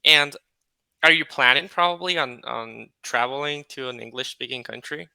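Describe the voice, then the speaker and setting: Male tutor, casual video-call chat, hesitant, smooth bright tone, dry close sound. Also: mid-range voice, moderate pace, no room sound. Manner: hesitant, with many fillers. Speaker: English conversation tutor.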